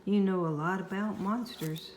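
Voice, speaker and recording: A woman's voice: mid-range voice, steady tone, moderate pace, a little hiss or hum, voice pushed up, natural voice. An older woman voicing a jumpy young girl in a storybook read-aloud, eager and breathless. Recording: echoey room.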